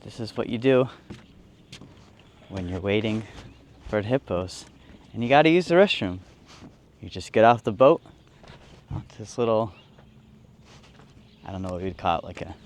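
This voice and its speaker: A man's voice: mid-range voice, a little mellow, slight background noise. Playful man vlogging from a river boat. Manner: playful, mock-solemn, speaks some halting Spanish. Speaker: travel vlogger. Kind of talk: casual vlog narration.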